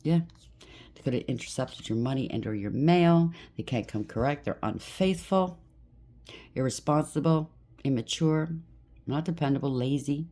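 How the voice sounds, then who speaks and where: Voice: medium pitch, normal speed, long pauses, warm tone. Blunt, emphatic tarot reader. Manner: blunt, emphatic, repeats lists of labels. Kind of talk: casual tarot reading monologue.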